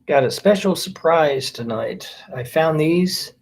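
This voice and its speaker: A man's voice: fairly high pitch, lively intonation, a little slow, creaky, darkish tone. Upbeat man greeting live-stream viewers. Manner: friendly, reads out viewer names one by one.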